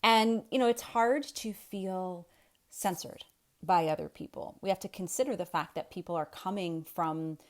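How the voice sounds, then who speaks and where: Low-voiced woman coaching storytellers from home. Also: normal speed. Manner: thinking aloud, with restarts and rhetorical questions. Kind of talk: casual talk to camera. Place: home with kids in the next room. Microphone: webcam.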